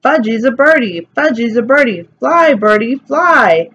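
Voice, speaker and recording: A woman voicing a demanding toddler boy in high, babyish talk. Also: lively intonation, measured pace, a bit bright. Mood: gleeful. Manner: lisping baby talk. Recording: slightly dull recording, faint hiss.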